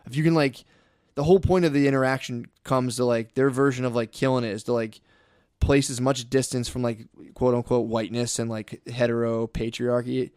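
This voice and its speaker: A young man on a podcast, rambling through profane, animated stories at an ordinary pitch. The sound is dry and close, with no room around his voice. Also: fairly quick, clean tone, no echo. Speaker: podcast co-host. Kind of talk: casual podcast chat.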